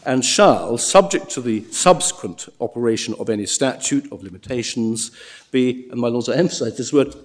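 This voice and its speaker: A man speaks as a barrister before the bench in a courtroom. His delivery is formal and deliberate, with frequent repeated words as he restarts his phrases. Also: mid-range voice, lively intonation. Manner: measured, with frequent stammered restarts. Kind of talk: formal legal submissions.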